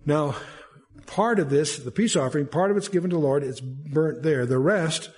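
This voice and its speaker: Older man teaching Bible verse by verse, mellow. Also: fairly high pitch, normal speed. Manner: reads scripture aloud, then explains with frequent restarts and "uh"s. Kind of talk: verse-by-verse Bible study lecture.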